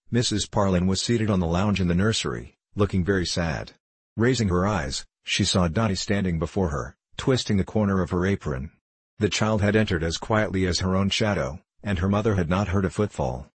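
A man reading a children's storybook aloud in a measured, even way. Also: sits low, slightly rough, dry recording. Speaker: audiobook reader. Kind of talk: scripted narration of a children's book.

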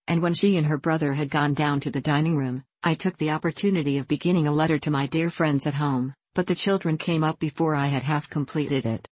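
Measured audiobook narrator, dry sound. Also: mid-range voice, a little mellow, no echo. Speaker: audiobook reader. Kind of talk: scripted narration of a classic novel.

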